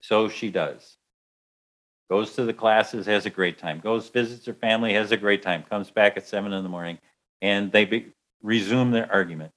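A man telling a story aloud in a lively way, acting out the voices. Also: lowish voice, normal speed. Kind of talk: telling an anecdote.

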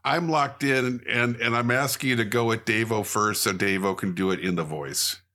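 A man with a husky voice, wry and self-mocking, playing a trivia game on a podcast. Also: fairly low pitch, moderate pace, sharp tone. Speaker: podcast co-host, quiz player. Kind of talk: casual podcast banter.

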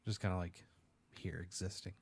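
A man hosting a podcast, telling an absurd story in a rambling, deadpan way with many fillers. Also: low voice, normal speed, creaky, husky. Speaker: podcast host. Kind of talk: casual comedic storytelling.

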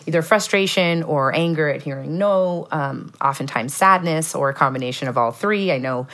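A woman's voice: deep voice, moderate pace, fairly bright tone. A woman, a mother, chatting casually on a parenting podcast and telling stories about her child, laughing often.

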